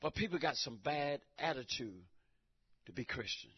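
A middle-aged man preaching a fervent church sermon, swinging between shouted lines and hushed passages, stammering and repeating words. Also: medium pitch, lively intonation, normal speed, breathy edge. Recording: dull lo-fi recording.

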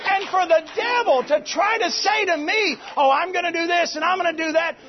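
A man preaching a fervent sermon at a church service, shouting exhortations and calling out to the congregation. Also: very high voice, brisk, dull audio. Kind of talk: Pentecostal-style sermon.

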